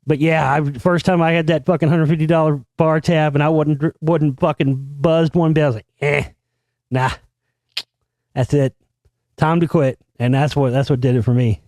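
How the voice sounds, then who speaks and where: A man's voice: fairly even intonation, fairly quick, few pauses, no room sound, clean studio sound. A man hosting a show, telling a crude, boastful party story full of swearing and acting out the people in it. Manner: crude, swaggering, heavy swearing; acts out quotes with sudden loud high outbursts. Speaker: show host. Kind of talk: profane storytelling monologue.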